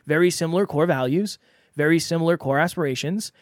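A man hosts a solo podcast, speaking earnestly and conversationally and circling back to repeat his points. His voice sits a little high. The sound is dry and close, with no room echo. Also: fast talker. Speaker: podcast host. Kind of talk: solo podcast advice talk.

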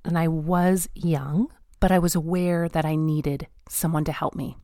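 A woman with a lowish voice tells her faith story in an earnest, emphatic way, often repeating phrases for weight. She speaks straight to her listeners. The sound is close and dry, with no room echo. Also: fairly even intonation, a little slow, dark tone. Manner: addresses listeners directly. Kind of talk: personal testimony talk.

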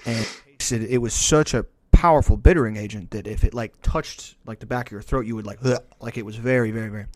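A man's voice: fairly low pitch, fast, no echo. A young adult man telling a long, profane, rambling story in casual podcast chat. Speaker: podcast host.

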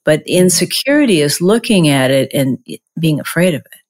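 A woman's voice: low-pitched, lively intonation, normal speed, a little mellow. A woman co-hosting a casual, reflective conversation, rambling with many restarts and fillers.

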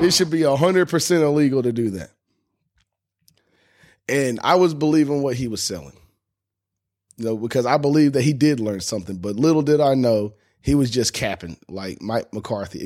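A man hosts a fan sports podcast in a fired-up, indignant rant. He curses freely and sounds fed up. His voice sits at a plain middle pitch for a man. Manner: heated, indignant, cursing freely. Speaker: podcast host.

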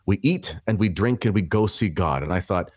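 A man's voice: deep voice, expressive, moderate pace, darkish tone, no room sound. A man in his thirties from Canada, a podcast guest telling his story in a rambling, conversational way, full of restarts and fillers.

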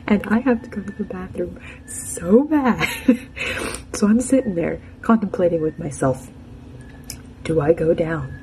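A woman's voice: on the low side, dark tone, a little hiss or hum, rough recording. A young adult woman telling a casual personal anecdote in a chatty, frank and self-mocking way. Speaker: storyteller.

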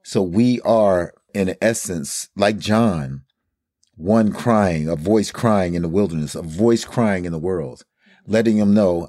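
A man's voice: low voice, slow pace, mellow, dry recording, clean studio sound. A man in a casual Bible study discussion, talking earnestly in a preacherly way and building up lists of phrases. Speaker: co-host of a Bible study talk.

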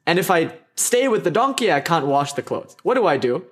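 A man's voice: fairly high pitch, big pitch swings, a little fast. A man voicing a frantic poor washerman. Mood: worried. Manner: pleading, panicky. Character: anxious poor male washerman.

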